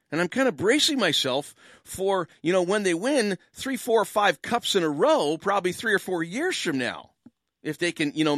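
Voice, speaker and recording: A man's voice: fairly high pitch, a bit bright, no room sound, studio quality. A Canadian man hosting a call-in talk radio show as a pastor, chatting in a joking, rambling way with lots of asides.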